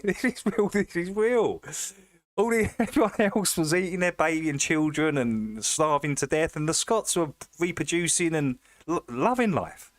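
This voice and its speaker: A man's voice: mid-range voice, no echo, clean studio sound. A man hosting a casual livestream chat, laughing often and repeating himself as he jokes. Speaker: livestream host.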